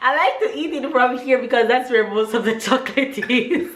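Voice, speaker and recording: A woman's voice: high voice, fairly quick. A young adult woman making a casual cooking vlog at home, chatty and giggly, humming little tunes as she goes. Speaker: vlogger. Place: home kitchen. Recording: echoey kitchen, faint noise.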